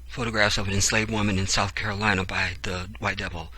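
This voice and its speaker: Forceful low-voiced man ranting. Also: flat delivery, fast, slightly rough, no room sound. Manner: profane, preachy asides between read passages. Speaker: channel host. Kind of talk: reading a book aloud with ranting commentary.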